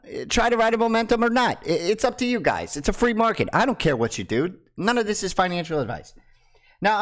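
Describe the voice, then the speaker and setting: A young man talking casually to camera as a crypto YouTuber, teasing his viewers and dropping from loud bursts to hushed asides. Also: on the high side.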